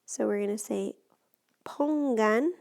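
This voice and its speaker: A woman's voice: fairly high pitch, slow pace, vocal fry, a little mellow. A woman teacher explaining Spanish grammar step by step in a patient, recorded lesson.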